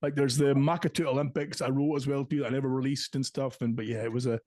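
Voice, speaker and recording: A man with a Caithness Scottish accent, hosting a podcast and telling stories in animated, laughing casual chat. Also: mid-range voice, quick pace, dry recording, studio quality. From Caithness, Scotland. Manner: animated storyteller, laughs often. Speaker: podcast host.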